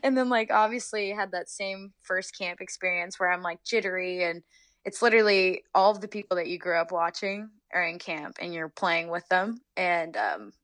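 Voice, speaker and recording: A young woman from Northern California, a soccer player, chatting as a guest in an interview and retelling stories in a lively, giggly way. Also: on the low side, normal speed, no room sound. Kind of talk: casual interview storytelling.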